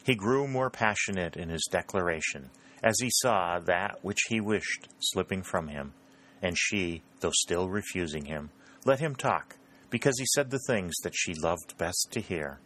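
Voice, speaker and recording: A man narrating a novel as an audiobook, steady and measured. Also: low voice.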